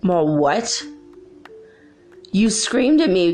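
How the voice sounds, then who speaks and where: A chatty woman host tells her own ghost story in a fairly low voice, bouncing into the quoted lines as she goes. Soft music hums faintly underneath. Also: a little slow. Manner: chatty, acts out quoted dialogue. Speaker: podcast host. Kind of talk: casual personal ghost story.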